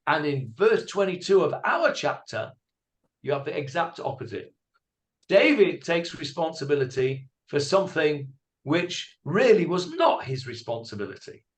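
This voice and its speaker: A man teaching a Bible class as a rabbi, animated, with hesitant fillers. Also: fairly high pitch, normal speed.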